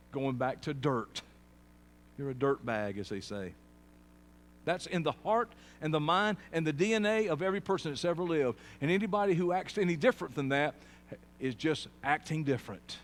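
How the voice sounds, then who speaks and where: A man preaching a sermon, swinging from quiet, low passages to loud, shouted peaks. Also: normal speed, a little hiss or hum. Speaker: pastor.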